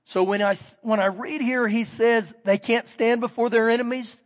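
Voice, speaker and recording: A man preaching a sermon as pastor, reading scripture aloud and switching between loud emphasis and quiet asides. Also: extremely high pitch, fairly even intonation, moderate pace, big-room sound. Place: church sanctuary.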